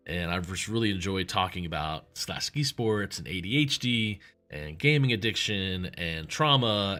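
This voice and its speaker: A man's voice: lowish voice, bright, forceful tone. A man hosting a livestream show, talking in a rambling, chatty way and often correcting himself. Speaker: livestream host. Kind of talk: casual livestream talk.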